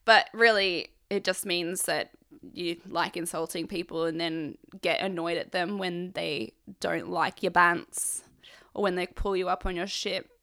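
A woman's voice: lowish voice, steady tone, a little slow, a bit bright. A young woman recapping a reality show in a casual, sarcastic, swearing manner. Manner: irreverent, sarcastic, swears freely. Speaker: recap vlogger.

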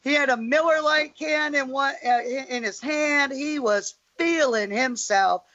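A woman's voice: high-pitched, a little slow, a bit bright, lo-fi sound. A woman co-hosting a podcast, telling a reality-show story in casual chat and mimicking the people she quotes. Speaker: podcast co-host.

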